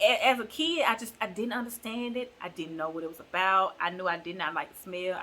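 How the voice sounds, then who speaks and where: A woman's voice: mid-range voice, pushed and bright, slight background noise. A woman vlogger retelling a bible story in a chatty, slangy, digressive way.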